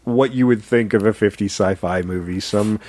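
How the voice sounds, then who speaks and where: A man's voice: fairly low pitch, normal speed, a little mellow, no room sound. A man co-hosting a podcast, chatting casually about films, jokey and laughing often. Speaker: podcast co-host. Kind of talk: casual movie-discussion chat.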